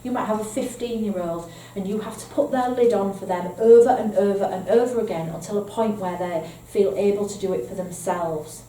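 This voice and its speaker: Talking a little fast with few pauses, a woman with a Northern English accent and a warm, mid-range voice trains foster carers, explaining points patiently and checking in with "okay?". The recording has a slight hiss or hum, echo, a distant mic and faint ambience.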